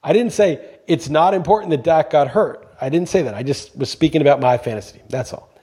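Emphatic, foul-mouthed podcast co-host; a man with a husky, slightly high voice. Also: fairly quick, mellow. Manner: emphatic, swears freely when ranting. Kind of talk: casual podcast chat.

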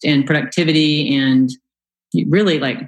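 A woman in a group call sharing a personal experience, halting and searching for words as she goes. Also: low-pitched, fairly even intonation, poor audio.

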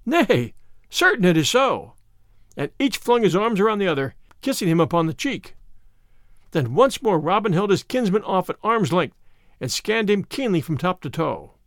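A man narrating an audiobook story in an expressive, dramatic way. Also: sits high, normal speed, no room sound, studio quality.

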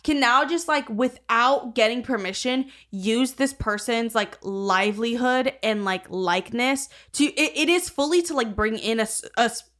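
A woman's voice: on the high side, moderate pace, few pauses, a bit bright. A young woman co-hosting a podcast, talking casually and rambling with frequent "like" and swearing. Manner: rambling, heavy use of "like", swears freely. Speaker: podcast co-host. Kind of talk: casual chat.

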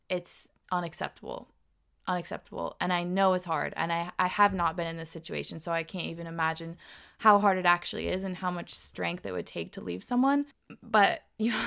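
A woman's voice: lowish voice, vocal fry, a bit bright. A young woman reading follower messages aloud and giving earnest, heated relationship advice. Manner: earnest, gets heated, repeats pleas.

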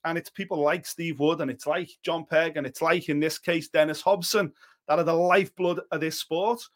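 Animated, blunt man, high voice. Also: normal speed. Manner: blunt, animated, swears freely. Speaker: boxing podcast co-host. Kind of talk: casual chat.

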